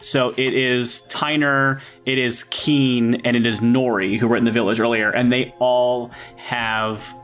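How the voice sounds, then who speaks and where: A man's voice: mid-range voice, flat delivery, measured pace, a bit bright, faint music behind. A man acting as game master of a tabletop game. He talks loosely, with lots of "like" and "you know", and records from home.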